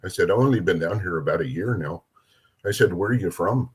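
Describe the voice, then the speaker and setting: A man's voice: low-pitched, brisk, slightly rough. A middle-aged man from Minnesota, a police officer, telling casual stories and acting out the voices of the people in them. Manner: animated, acts out voices in his anecdotes. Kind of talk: casual storytelling.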